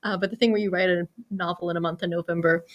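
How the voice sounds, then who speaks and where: Guest, woman from Kentucky, chatty, quick to laugh, restarts her sentences. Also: on the low side, steady tone, muffled recording. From Kentucky, USA. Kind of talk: casual interview chat.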